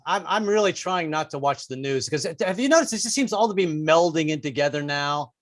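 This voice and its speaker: A man performing stand-up with a fairly high voice, stammering and repeating words as he goes. He slips into mock voices for his bits. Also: lively intonation, a little fast. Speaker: stand-up comedian. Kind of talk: stand-up set.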